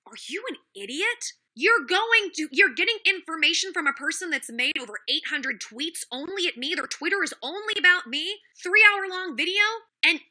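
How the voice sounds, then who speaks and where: A woman's voice: extremely high pitch, animated, normal speed, hardly any pauses, pushed and bright. A woman hosting a livestream, angrily defending herself and answering chat viewers by name, with frequent repetitions and indignant outbursts. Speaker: livestream host.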